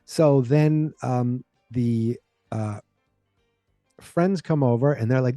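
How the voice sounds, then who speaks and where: Relaxed chatty man, dark mellow voice. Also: mid-range voice, takes it slowly, no echo, soft background music. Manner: rambling, quotes characters in raised voices. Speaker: podcast host. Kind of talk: casual recap of a sitcom episode.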